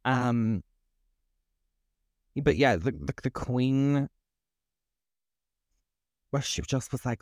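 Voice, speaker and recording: A man's voice: medium pitch, slow pace, pauses often, dry recording, studio quality. A man, co-hosting a podcast and ranting in casual, sweary chat. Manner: sweary, ranting, animated storytelling. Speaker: podcast co-host.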